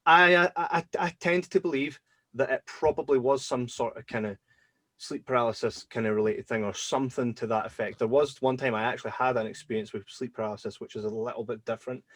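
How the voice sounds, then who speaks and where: Guy hosting a podcast, chatty and animated, dry close sound. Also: mid-range voice, a little fast, no echo. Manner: animated, acts out his own past reactions. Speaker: podcast host. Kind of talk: casual storytelling chat.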